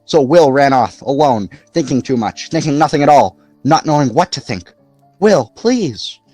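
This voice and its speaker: A man narrating a novel aloud in an expressive, lively storytelling manner. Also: medium pitch, moderate pace, no room sound, soft background music. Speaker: audiobook narrator. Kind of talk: scripted narration.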